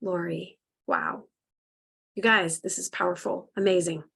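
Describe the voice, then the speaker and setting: A woman teaching a live online spiritual healing class, earnest and gently guiding, at times emotional, speaking into a video call microphone. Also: on the low side, a little slow, creaky, slightly rough.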